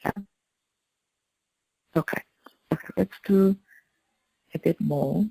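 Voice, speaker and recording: A woman hosting an online group call, leading a guided emotional-release meditation with slow, gentle, soothing repeated phrases. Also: lowish voice, vocal fry, breathy edge, dry recording, poor audio.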